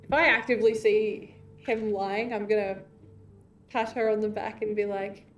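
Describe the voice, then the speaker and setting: A woman's voice: mid-range voice, fairly even intonation, normal speed, highs cut off. A woman playing a tabletop game, giggly and hesitant. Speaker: player. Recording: distant from the mic.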